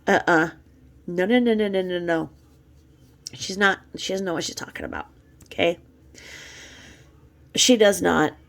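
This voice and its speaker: A woman's voice: on the low side, creaky, a little mellow. A woman giving a blunt, sarcastic, profane commentary rant. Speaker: commentary podcaster.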